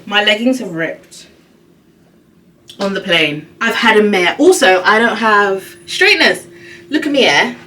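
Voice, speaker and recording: A woman's voice: mid-range voice, a bit bright, a little hiss or hum. Young woman, travel vlogger, chatty and exasperated; echoey hotel room, camera mic. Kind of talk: casual vlog chat. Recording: echoey room, faint background ambience.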